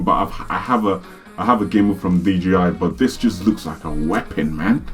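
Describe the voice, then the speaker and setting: Young dude, deep voice, hyped and slangy, unboxing vid. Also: male voice, moderate pace, breathy edge, faint music behind. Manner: excitable, slangy, exclaims often. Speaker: vlogger. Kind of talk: casual unboxing vlog. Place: home studio.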